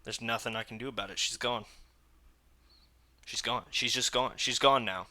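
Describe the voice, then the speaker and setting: A man's voice: medium pitch, steady tone, normal speed, bright, forceful tone. A young man hosting a reaction video, talking casually in an agitated, blunt way and repeating himself.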